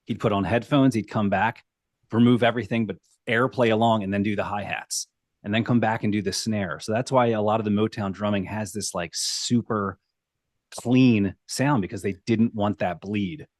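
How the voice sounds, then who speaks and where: A podcast co-host with a fairly low, steady voice recounts a band's history from his notes, storytelling amid casual chat. He speaks at normal speed, and the studio-quality recording is dry.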